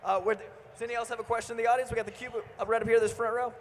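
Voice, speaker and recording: A man moderating a convention panel Q&A, quick with joking asides. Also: very high voice, level tone. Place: large indoor convention hall. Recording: echoey convention hall with faint crowd noise.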